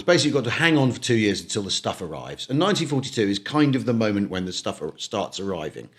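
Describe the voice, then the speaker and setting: A middle-aged man co-hosting a casual history podcast, talking in animated bursts with many restarts and repeated words. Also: medium pitch, quick pace. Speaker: podcast co-host.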